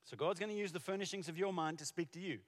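Quick and high-voiced, this man in his forties or older is a pastor preaching a sermon. He tells stories in a conversational manner with frequent restarts, recorded in a reverberant hall.

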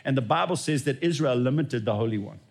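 A man's voice: mid-range voice, expressive, fast talker, vocal fry. A man preaching a sermon as lead pastor, telling stories and acting out little dialogues. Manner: storytelling, acts out dialogue with God.

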